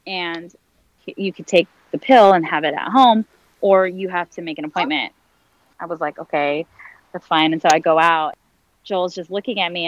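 Appearing as a guest, a woman in her late twenties shares a personal story candidly, filling it with fillers and reenacting what others said. She has a mid-range voice, and the lo-fi recording carries no room sound.

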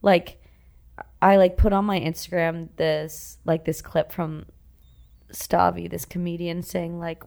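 A woman podcast co-host in casual chat, reacting with quick interjections. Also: lowish voice, little pitch movement, gravelly, darkish tone.

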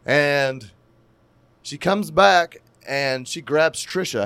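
A man telling a crude, animated story in casual profane podcast chat, laughing at his own tale. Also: on the high side, extremely slow, clean tone, no room sound.

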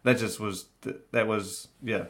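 A man's voice: lowish voice, fairly even intonation, unhurried, a bit bright. A man in casual chat, telling a travel anecdote in a rambling, laid-back way with many fillers.

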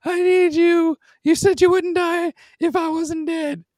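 A man voicing a young woman who pleads over a dying swordsman in a shrill, mock-dramatic falsetto. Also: little pitch movement, a little slow, darkish tone, dry recording, clean studio sound. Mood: pleading.

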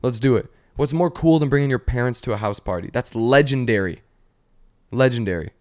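A young man hosting a podcast, telling stories in a loose, rambling way with plenty of 'like's. His voice sits in a middle pitch and he keeps an everyday pace. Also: lively intonation, fairly quick, darkish tone. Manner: rambling storyteller, full of 'like', acts out voices. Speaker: podcast host. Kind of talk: casual chat.

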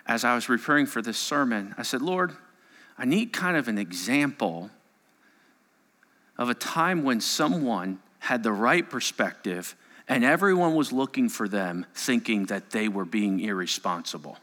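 A male pastor preaching a sermon, telling a story that swings between hushed moments and raised, urgent passages. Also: medium pitch, lively intonation, a little slow. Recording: long hall reverb.

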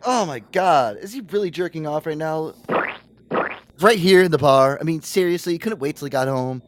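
With a slightly high voice at a moderate pace, a middle-aged podcast co-host chats casually about a friend, animatedly voicing the people in his stories and swearing plenty. A little hiss or hum can be heard.

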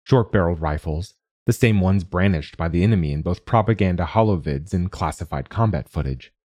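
Deep, dark-voiced male narrator. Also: no echo, clean studio sound. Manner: steady, measured storytelling. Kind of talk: scripted narration.

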